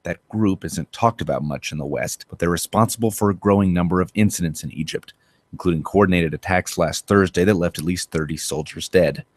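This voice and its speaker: A male radio newsreader with a deep, low voice. He reads steadily and evenly, keeping a composed broadcast tone throughout. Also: dry recording. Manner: measured, even newsreader delivery. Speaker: news segment host. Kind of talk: read news report.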